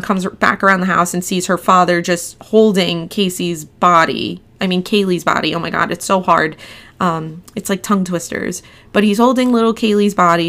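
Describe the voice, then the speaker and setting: A woman's voice: medium pitch, creaky, a bit bright. A young woman hosting a casual true-crime podcast, chatty and full of "like" and "you know". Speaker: podcast host.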